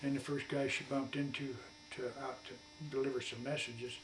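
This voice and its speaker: Speaking at a normal pace with little pitch movement, this man in his 80s recounts his war experiences as an interviewee in his home. He's a rambling, folksy, colloquial storyteller with a mid-range voice, captured by a far-off mic in an echoey room with a slight hum.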